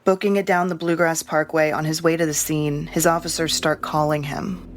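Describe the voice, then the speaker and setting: Female reporter for scripted news narration; low, flat, measured read over light music. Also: slight background noise.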